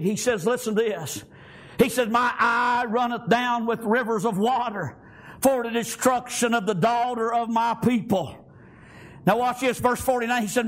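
Male pastor, very high-pitched, fervent preaching with shouted peaks and constant amens. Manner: fervent preaching with frequent "praise God" and "amen", rising to shouts. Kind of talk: sermon.

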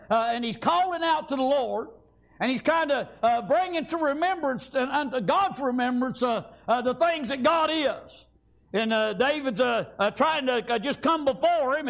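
A man preaches in a very high voice. He stumbles through fillers and restarts, breaking in often with amen and praise God. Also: fairly bright tone. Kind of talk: sermon.

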